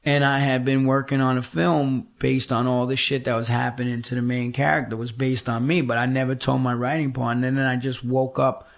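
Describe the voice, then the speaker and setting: A man's voice: medium pitch, little pitch movement, a little fast, vocal fry, hardly any pauses. A middle-aged man, a podcast guest, telling a personal story in a casual interview, blunt, profane and emphatic.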